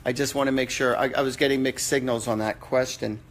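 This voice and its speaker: Guy doing psychic readings live, earnest, lots of um and uh and restarting, mid-pitch voice. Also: fairly even intonation. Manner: halting, full of fillers and restarts, earnest. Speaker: psychic medium host.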